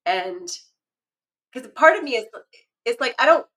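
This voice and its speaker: Talkative woman around forty, podcast guest, animated storyteller who laughs often. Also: sits high, a little slow, poor audio. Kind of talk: casual podcast conversation.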